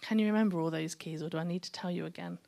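A woman's voice: lowish voice, fairly even intonation, racing, gravelly, mellow. A middle-aged woman preaching a sermon, chatty and encouraging, with joking asides to the congregation.

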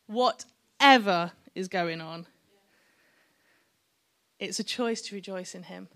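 A woman's voice: mid-range voice, slow, pauses often, a bit bright. A middle-aged woman preaching a sermon, chatty and encouraging, with joking asides to the congregation.

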